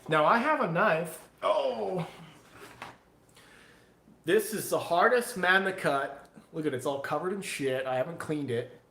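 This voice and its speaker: A man's voice: on the high side, expressive, unhurried, vocal fry, long pauses, roomy sound, a little hiss or hum. Rowdy, cursing man on a live stream. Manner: loud, profane and tipsy, quoting imagined critics. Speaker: knifemaker hosting a live stream. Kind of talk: casual live-stream chat.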